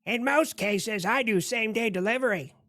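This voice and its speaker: A brash, foul-mouthed personified bomber plane in a cartoon skit. His voice is bright and sharp, recorded dry and close, with sarcastic jabs. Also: high-pitched, normal speed, no echo. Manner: crude, sarcastic. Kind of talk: comedic animated skit dialogue.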